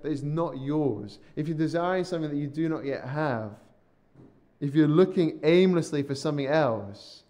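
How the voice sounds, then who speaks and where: A man preaching a sermon in an earnest, deliberate way, with a voice pitched a little above the usual for a man. He slows down and lets his voice drop on the phrases he wants to land. Now and then he repeats a word as he starts a sentence. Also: a little mellow. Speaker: pastor. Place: church or studio, podcast recording.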